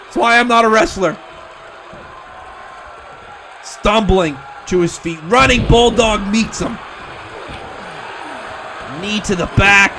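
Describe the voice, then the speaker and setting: A man calling wrestling play-by-play, excitable and breaking into shouts at near-falls. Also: high voice, takes it slowly, pauses often, a little hiss or hum. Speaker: wrestling commentator. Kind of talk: play-by-play commentary.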